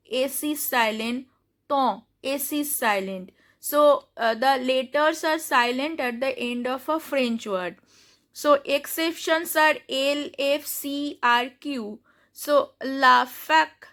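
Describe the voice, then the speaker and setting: Speaking slowly in a bright, high voice, this Indian-accented French teacher gives a lesson aloud and says each sample word two times. Her delivery is full of fillers and false starts.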